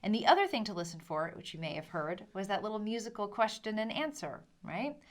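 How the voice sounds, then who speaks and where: A woman's voice: mid-range voice, expressive, fairly quick. A woman teaching a ukulele lesson, explaining patiently, counting in and singing along. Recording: ukulele playing under the voice.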